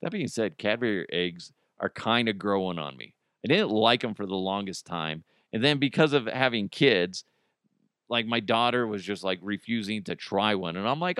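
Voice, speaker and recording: A man's voice: on the low side, lively intonation, moderate pace, a bit bright, clear, resonant tone, no room sound, clean studio sound. A middle-aged man hosting a podcast in casual chat, rambling and joking, swearing freely and laughing often. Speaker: podcast host.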